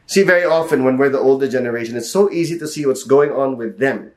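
A man with a Filipino accent preaching a sermon, telling a personal story in a lively way and acting out the voices he quotes. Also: fast. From Philippines. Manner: animated storytelling, acts out quotes with sharp pitch jumps.

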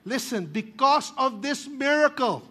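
Animated Filipino pastor, bright voice. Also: male voice, very high-pitched, measured pace, slightly rough. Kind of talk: sermon.

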